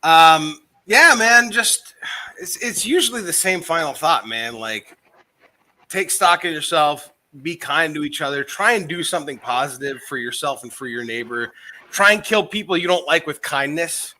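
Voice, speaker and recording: Bright-voiced rambling male podcast host. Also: a little high, lively intonation, normal speed. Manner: rambling, profane, laughing at himself. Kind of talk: casual chat.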